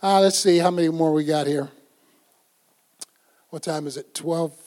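A man's voice: on the high side, moderate pace, a little mellow. An older man preaching a folksy, conversational sermon, acting out little scenes as he goes. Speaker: pastor.

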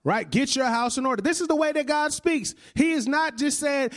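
A man's voice: very high voice, moderate pace, hardly any pauses, a bit bright. A male preacher in his thirties giving a conversational sermon, often checking in with "right?" and laughing along with the congregation.

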